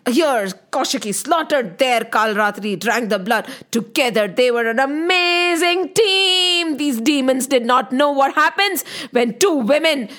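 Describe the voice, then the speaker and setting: Expressive woman storyteller, high voice. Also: a little slow, few pauses. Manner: expressive, sweeping, emphatic. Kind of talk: dramatic storytelling for children.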